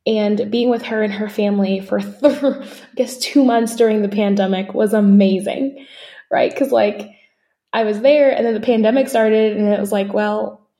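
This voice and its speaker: A woman's voice: medium pitch, dark tone. A woman co-hosting a podcast, telling a candid personal story in a casual way with frequent fillers and asides. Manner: conversational, many fillers and asides. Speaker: podcast co-host.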